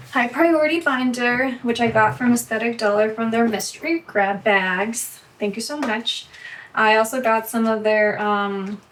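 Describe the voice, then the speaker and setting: A young woman vlogging casually as she counts bills aloud, chatty and quick to correct herself. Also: fairly high pitch. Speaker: budgeting vlogger. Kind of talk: casual talk while cash stuffing. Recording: voice from a distance, faint background noise.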